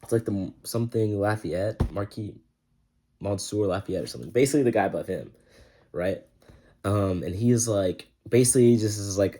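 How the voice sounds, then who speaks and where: A young man casually retelling a novel's plot in a slangy, rambling way, often slipping into quick quoted voices for the characters. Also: on the low side, mellow, a little hiss or hum. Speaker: book reviewer. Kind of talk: casual book summary.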